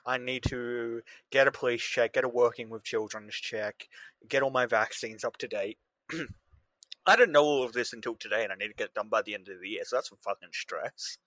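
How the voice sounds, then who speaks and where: A man's voice: medium pitch, moderate pace, pushed and bright, no echo, low-quality recording. A young man co-hosting a podcast, joking and irreverent in casual chat. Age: young adult. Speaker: podcast co-host.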